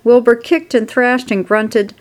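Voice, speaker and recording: A woman narrating a children's storybook aloud in a steady, expressive way. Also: a little high, unhurried.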